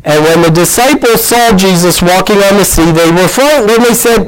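A man's voice: sits high, expressive, moderate pace, low-quality recording. A man preaching a conversational sermon, telling the story in a chatty, plain-spoken way.

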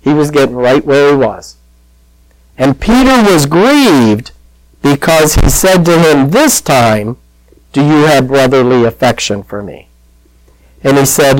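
A man preaching a sermon, telling the story with lively acted-out voices and asides to the congregation. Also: mid-range voice, a little slow, no room sound, rough recording. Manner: animated storytelling, acting out quoted voices. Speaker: pastor.

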